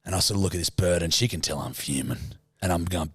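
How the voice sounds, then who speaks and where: A man's voice: sits low, fast talker, slightly rough, no echo. A man with an Australian accent, co-hosting a podcast and telling a story with lots of swearing. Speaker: podcast co-host. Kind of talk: casual chat.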